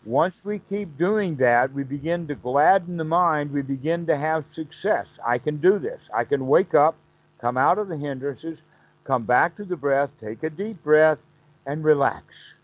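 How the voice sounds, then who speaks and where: A man's voice: fairly high pitch, lively intonation, measured pace, highs cut off. A man teaching meditation on a call, explaining patiently and acting out the mind's inner self-talk in quotes.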